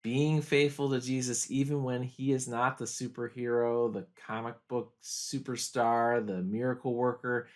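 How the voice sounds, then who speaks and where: A pastor talking through a TV episode in a video study guide, earnest and reflective, slowing down to weigh key moments. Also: male voice, mid-range voice, little pitch movement. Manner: earnest, reflective, slows down for quoted lines.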